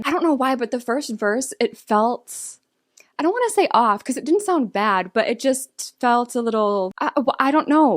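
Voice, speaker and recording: A young woman hosting a casual album reaction, thinking aloud in an excitable, rambling way with lots of fillers. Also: on the high side, no echo, studio quality. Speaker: music reaction host.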